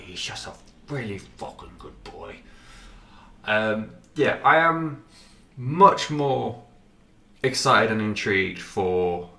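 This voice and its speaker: A man's voice: lowish voice, bright, forceful tone, reverberant, far from the mic. A man hosting a podcast, giving a rambling, sweary music review with lots of fillers and restarts, and a runny nose. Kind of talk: casual music review monologue.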